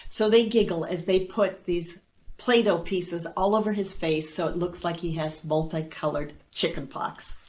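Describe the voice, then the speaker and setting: A woman and foster parent telling a personal story at a storytelling event, animated and playful, with dry asides. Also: lowish voice, moderate pace.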